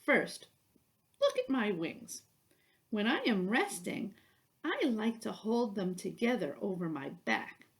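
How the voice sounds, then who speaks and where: A woman's voice: medium pitch, big pitch swings, takes it slowly. A woman reading a storybook, voicing a sleepy, blunt butterfly who explains things patiently. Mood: explaining.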